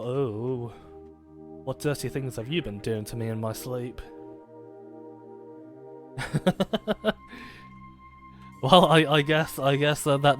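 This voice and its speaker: Chatty man streaming a game. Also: medium pitch. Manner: rambling, self-deprecating, many fillers and restarts. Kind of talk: casual live-stream commentary.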